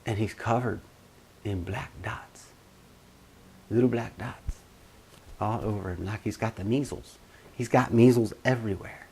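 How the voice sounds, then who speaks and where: A man telling a funny family story in a casual first-person way, animated, with big swings in pitch and loudness. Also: a little hiss or hum.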